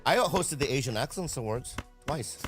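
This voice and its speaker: A man's voice: mid-range voice, lively intonation, moderate pace, faint music behind. A man guesting on a podcast, chatting casually and teasing playfully. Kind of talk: casual chat.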